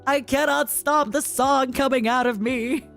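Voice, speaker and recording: A young woman from Canada chatting casually on a livestream, giggly and given to high squeals and snatches of song. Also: steady tone, unhurried, vocal fry, a bit bright, soft background music. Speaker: streamer.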